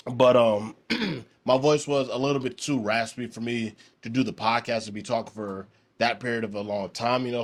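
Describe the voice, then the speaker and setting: Easygoing male podcast host, average pitch, talking loosely with lots of "um"s. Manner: laid-back, rambling, many fillers. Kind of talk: casual podcast chat.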